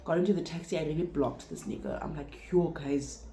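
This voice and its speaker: A young South African woman with a Sesotho-speaking accent, telling a storytime vlog in a casual, animated way, swearing freely and acting out both sides. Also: sits low, fairly quick, echoey room. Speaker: vlogger.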